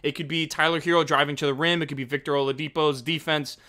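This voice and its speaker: A man's voice: fairly high pitch, level tone, fast talker, pushed and bright. A man hosting a casual sports podcast, upbeat and chatty. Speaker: podcast host.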